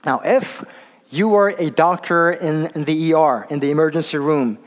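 Guy preaching in a church hall, lots of uh and restarts, slows down to stress points, big echo. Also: on the high side. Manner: halting, many fillers and restarts. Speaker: pastor. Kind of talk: sermon. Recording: long hall reverb.

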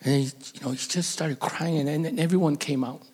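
A man's voice: a little high, a little fast, a little mellow, husky. A middle-aged man, a pastor, telling a personal story in a sermon, emotional and at times dropping to a whisper.

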